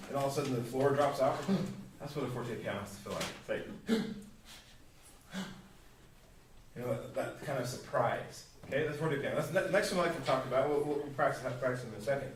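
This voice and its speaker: A man's voice: fairly high pitch, a little hiss or hum. A man coaching a string quartet in a masterclass, playful and given to vivid sound words. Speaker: masterclass teacher. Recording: echoey hall from far off.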